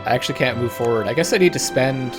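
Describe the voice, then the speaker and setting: A man playing a text adventure game, reading its narration aloud and thinking out loud over his choices. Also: mid-range voice, music in the background. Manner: reads narration in a plain measured voice, thinks aloud between choices. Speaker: let's play gamer.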